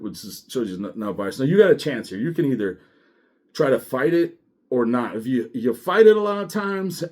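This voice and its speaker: A man, a former deputy, telling a blunt, profane story casually to camera and quoting others as he goes. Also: on the high side. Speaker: former sheriff's deputy and diver.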